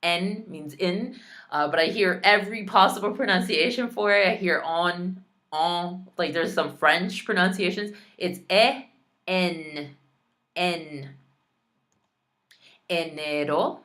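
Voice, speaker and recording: A woman's voice: lowish voice, slow pace, fairly bright tone. A woman teaching a Spanish lesson online, pronouncing practice words carefully and adding chatty, playful asides.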